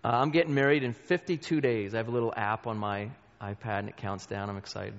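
A man's voice: lowish voice, fairly even intonation, fast talker. A middle-aged man teaching a Bible study group, earnest and conversational, speaking straight to the listeners. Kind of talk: church teaching talk. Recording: dull sound with long hall reverb.

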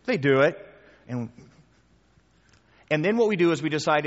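A man preaching a sermon and taking questions, animated and emphatic, acting out the voices he quotes. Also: fairly high pitch, brisk, long pauses. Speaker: pastor. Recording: dull sound with long hall reverb.

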